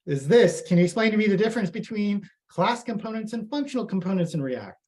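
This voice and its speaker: A man's voice: sits high, lively intonation, quick pace, a little mellow, pitched above the performer's own voice. A man reading out a folksy male cowboy AI interviewer in a drawling frontier manner.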